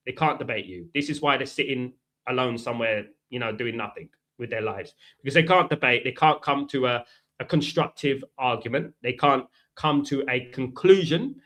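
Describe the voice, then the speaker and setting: A middle-aged man from England hosts a football live stream and fires back at viewers in the chat. His voice is bright and forward at an ordinary pitch. He talks combatively and keeps throwing in 'mate' and 'right'. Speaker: football channel host.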